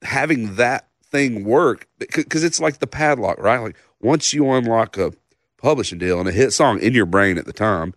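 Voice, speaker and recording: A man's voice: medium pitch, lively intonation, moderate pace, no room sound, clean studio sound. A man in his thirties, a songwriter guest, telling a casual story with laughs and a loose, slangy manner.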